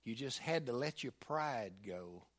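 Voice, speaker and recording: A man's voice: mid-range voice, animated, measured pace, a bit bright. A male preacher voicing a humble, devout enslaved man who speaks earnestly and tenderly. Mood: gentle.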